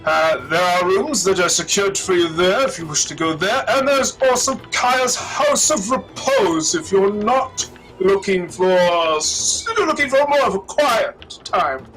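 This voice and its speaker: A man voicing an excitable, rambling older male guide who talks fast and fussily, trailing off mid-thought. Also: high-pitched, over music, low-quality recording. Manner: fast-talking, fussy, trails off.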